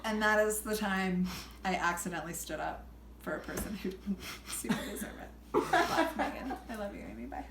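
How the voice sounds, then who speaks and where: Animated woman telling a profane comic story. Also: mid-range voice, a little fast. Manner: animated, laughing, profane, acts out quoted people. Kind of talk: casual comedic storytelling. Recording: roomy room with faint background noise.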